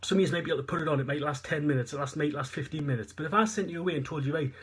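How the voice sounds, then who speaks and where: In a live online seminar, a fitness coach with a Northeast English accent explains things earnestly, repeating himself and using fillers. His voice is a little high and husky, and he talks at a racing pace.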